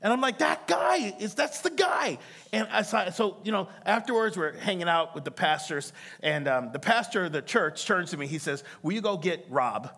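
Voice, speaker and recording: A man preaching a sermon, telling a story with lively acted-out voices and calling out to the congregation. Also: sits high, moderate pace, gravelly. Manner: animated storytelling, acts out voices, laughs, calls to congregation. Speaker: pastor.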